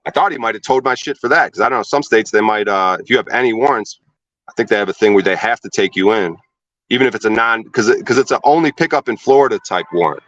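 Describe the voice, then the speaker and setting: A man's voice: quick pace, a bit bright, dry recording, lo-fi sound. A young man hosting a livestream from his car, ranting and swearing in heated casual talk. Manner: profane and agitated, rants with rising pitch. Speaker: livestream host.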